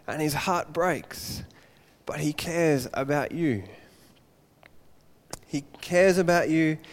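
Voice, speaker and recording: A man preaching a Father's Day sermon, an animated storyteller who acts out the voices of his characters. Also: fairly high pitch, big-room sound.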